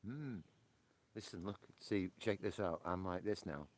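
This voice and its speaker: A man from Britain, hosting a casual livestream chat, laughing often and swearing in excitable outbursts. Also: low voice, measured pace. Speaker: livestream host. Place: porch, outdoors.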